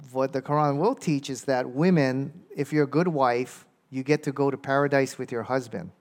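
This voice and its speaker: A man teaching a church audience in a casual lecture, often checking in with "okay?" and reading passages slowly aloud. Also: medium pitch, darkish tone. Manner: conversational, keeps checking in with "okay?" and reads verses aloud slowly. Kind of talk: informal lecture with audience questions.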